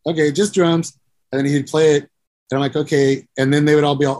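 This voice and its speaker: A man's voice: fairly high pitch, steady tone, fast talker, a little mellow. A middle-aged man, a musician and producer, telling long profane stories and acting out the people in them. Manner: rambling and profane, acts out voices, keeps saying "you know". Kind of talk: casual storytelling interview.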